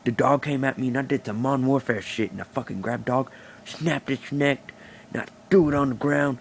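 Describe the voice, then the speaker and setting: Gravelly guy rambling through a cussing brag story, mid-pitched voice. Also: a little fast, slight background noise. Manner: profane, boastful, rambling. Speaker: amateur comedian. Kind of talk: rambling improvised stand-up story. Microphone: phone.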